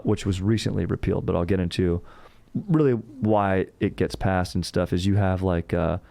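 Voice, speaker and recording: A man's voice: sits low, vocal fry, a little mellow, no echo. A man hosting a comedic history podcast, telling it in a rambling, joking and profane way. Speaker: podcast host. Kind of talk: casual comedic history talk.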